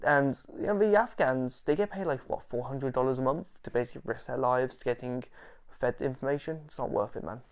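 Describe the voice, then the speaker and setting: Animated man telling stories. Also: mid-range voice, brisk. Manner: animated, laughing, swearing, with acted-out quotes. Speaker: interviewee. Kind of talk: casual storytelling.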